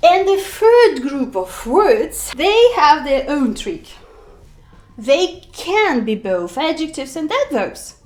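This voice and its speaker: Slow, lively-voiced woman teaching grammar. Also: sits high, echoey room. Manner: slow, careful explanation with sung-out example words. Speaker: English teacher. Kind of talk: grammar lesson.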